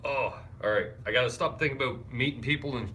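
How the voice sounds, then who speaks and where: A young man chatting casually on a live stream. He greets viewers and reads their comments out loud, and he sounds wired and tired. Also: mid-range voice, quick pace, a little hiss or hum. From Canada. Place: hotel room.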